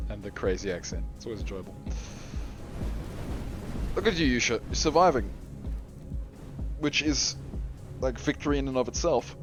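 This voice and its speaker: A man's voice: mid-range voice, dull audio. A man giving live commentary on a game tournament, reading chat aloud and joking with viewers, laughing often. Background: faint game music.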